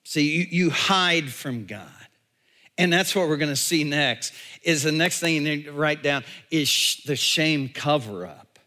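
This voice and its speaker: A male pastor delivering a sermon, animated storytelling that drops to hushed tones. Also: a little high, measured pace.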